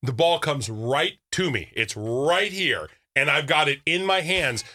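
A man's voice: a little high, measured pace. A man co-hosting a show, telling a story in casual chat and acting out the voices of the people in it. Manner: animated, acts out voices in his stories. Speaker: radio show co-host.

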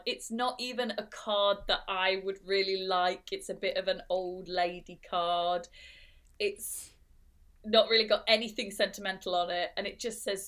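A woman's voice: mid-range voice, normal speed, fairly bright tone. A woman in her thirties co-hosting a podcast, telling a personal story in casual chat with lots of fillers and restarts. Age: 30s. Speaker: podcast co-host.

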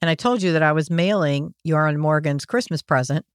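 A woman's voice: deep voice, brisk, smooth, dry recording, studio quality. A middle-aged woman co-hosting a casual chat with her son, teasing and mock-scolding. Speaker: co-host. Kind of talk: casual banter.

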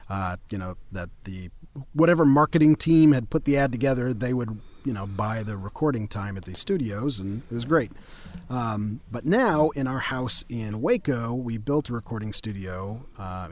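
A man from Colorado, a voice actor chatting as a guest in an interview, telling stories in a relaxed, self-deprecating way. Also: mid-range voice. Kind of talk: casual interview chat.

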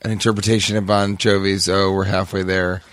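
A man's voice: deep voice, flat delivery, brisk, a bit bright, dry recording. A man co-hosting a comedy podcast, riffing and cursing as he jumps into goofy voices. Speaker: podcast co-host. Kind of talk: improvised comedy chat.

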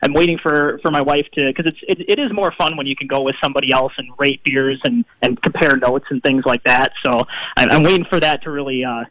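A man's voice: mid-range voice, fairly even intonation, fairly quick, fairly bright tone, dry recording, low-quality recording. A man chatting as a radio show guest, hesitant with stammered restarts. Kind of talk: casual interview chat.

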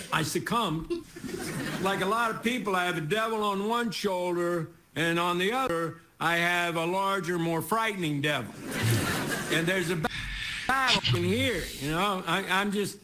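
High-voiced Texan man rambling through a monologue. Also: unhurried. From Texas. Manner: rambling, self-mocking, chuckles through his punchlines. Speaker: guest host giving a comedy monologue. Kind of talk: stand-up monologue. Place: TV studio stage with a live audience. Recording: noisy broadcast clip with audience laughter.

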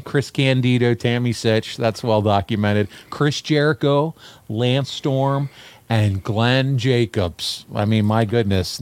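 A man with a mid-range voice hosts a podcast. He sounds eager as he reads off lists of names and sets up clips. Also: medium pitch. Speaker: podcast host. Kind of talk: casual podcast chat.

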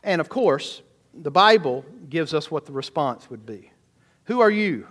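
A man preaching a sermon as pastor, animated and talking straight to the congregation. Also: fairly high pitch, a little slow. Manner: animated preaching, sudden shouts and asides to the congregation.

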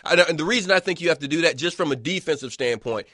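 A man's voice: a little high, animated, fast, bright, forceful tone, no echo, clean studio sound. A man co-hosting a sports radio show as a football analyst, talking in an emphatic way and repeating words for stress.

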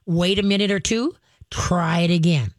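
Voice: medium pitch, normal speed, no echo. A radio call-in host and dog trainer giving folksy, emphatic step-by-step advice to a caller.

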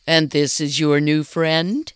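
A woman voicing a kindly, formal stuffed-bear mayor in a measured, courteous manner. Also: deep voice, fairly even intonation, smooth, no echo.

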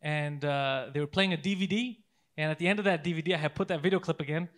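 A man's voice: fairly high pitch, fast talker, a bit bright. A man in casual podcast chat, telling crude prank stories with lots of laughter.

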